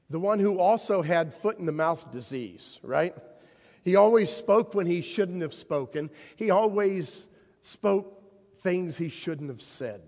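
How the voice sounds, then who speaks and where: A man delivers a sermon in a church, acting out each scene with dramatic storytelling. His voice sits high and swings widely up and down. The sound carries a long hall reverb. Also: darkish tone. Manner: dramatic storytelling, voicing the figures he quotes. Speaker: preacher.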